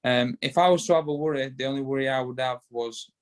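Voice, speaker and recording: A man's voice: mid-range voice, fast. A man with a Yorkshire accent in a casual interview, talking in a rambling way that repeats words and restarts often. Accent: Yorkshire English. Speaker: guest, bare-knuckle boxer.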